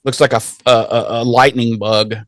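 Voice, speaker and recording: A man's voice: mid-range voice, level tone, normal speed, a bit bright, no room sound. Man co-host, casual profane episode recap, rambling delivery, dry close mic. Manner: profane, rambling, acts out characters in goofy voices. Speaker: podcast co-host.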